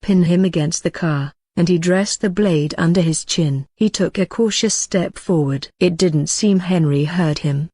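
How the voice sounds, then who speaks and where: A woman reads a horror audiobook in a steady, measured narration. Her voice sits low and the recording is dry and close. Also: breathy edge, no echo. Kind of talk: scripted narration.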